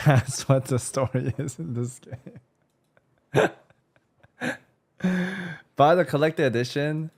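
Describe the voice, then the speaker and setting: A man chatting casually on a live stream, reacting to a video, talking to chat and swearing as he gets worked up. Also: mid-range voice. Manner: excitable, swearing, talks to chat, rises into loud outbursts.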